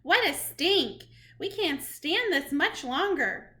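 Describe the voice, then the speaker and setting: A woman's voice: expressive, takes it slowly, sharp tone, exaggerated voice. A woman voicing a group of disgusted female witches crying out shrilly in a storybook reading. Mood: shrill. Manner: shrill cries.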